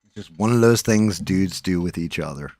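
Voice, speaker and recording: Middle-aged male streamer, deep voice, loose profane banter, dead-dry sound. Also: normal speed, darkish tone, no echo. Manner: profane, rambling, joking. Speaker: livestream host. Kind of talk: casual live-stream chat.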